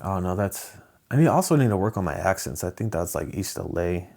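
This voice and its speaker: Deep, mellow, and a bit creaky, this man's voice moves fairly quickly with lively intonation. He's a Southern California podcast host doing a casual solo show, rambling and unsure, with lots of ums and restarts.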